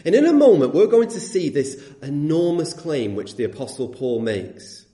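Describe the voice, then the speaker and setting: Male preacher, earnest sermon delivery, mellow tone, echoey room. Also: a little high, very animated, moderate pace. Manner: earnest, emphatic, rhetorical questions.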